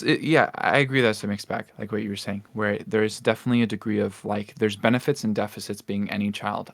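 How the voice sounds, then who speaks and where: A young man with a low, gravelly voice co-hosts a casual podcast chat. He talks in a flat, even way and keeps looping back with fillers and restarts. The sound is dry and close to the mic. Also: no room sound. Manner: rambling, many fillers and restarts. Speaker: podcast co-host.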